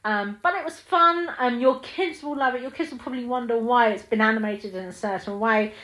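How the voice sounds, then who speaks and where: A woman's voice: a little high, a little fast, fairly bright tone, rough recording. A woman in her thirties hosting a solo film podcast, chatting in a gushing way with lots of ums. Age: 30s. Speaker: podcast host. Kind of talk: casual solo film chat.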